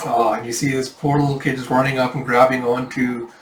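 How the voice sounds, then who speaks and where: A man giving a casual, animated readthrough of a comic, retelling each panel. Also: mid-range voice, fairly quick, a little hiss or hum. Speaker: manga reader. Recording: echoey room, mic at a distance.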